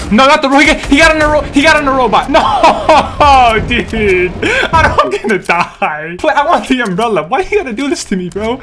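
A young man giving excitable gameplay commentary, laughing and yelling at opponents, with game music and gunfire behind him. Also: extremely high pitch, slight background noise. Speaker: gaming YouTuber.

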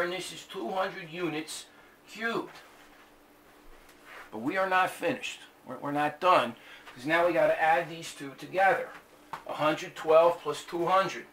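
A man's voice: on the high side, bright, forceful tone. A man teaching a math lesson in a classroom, chatty and slipping jokes between the steps. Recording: echoey room, mic at a distance, faint hiss.

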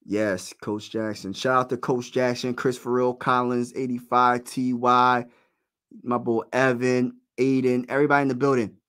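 A man's voice: mid-range voice, normal speed, clear, resonant tone. Give me a man hosting a casual live play-by-play stream. He's hyped and slangy, cheering on his team, and he calls out viewers in his chat. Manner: excited partisan, slangy, talks to chat. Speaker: livestream play-by-play host.

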